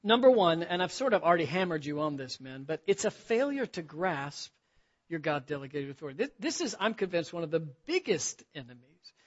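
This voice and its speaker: A man's voice: fairly high pitch, big pitch swings, a little fast. A middle-aged man preaching to men in a church, telling self-deprecating stories with easy humor. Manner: self-deprecating storytelling with frequent laughs. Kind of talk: sermon to a men's gathering. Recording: dull lo-fi recording.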